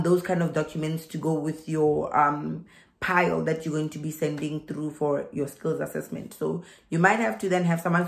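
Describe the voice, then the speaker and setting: In a reverberant recording, a young woman with a South African accent talks through migration tips vlog-style. Her voice sits on the low side with a creaky edge, and she keeps laughing and saying things twice for emphasis.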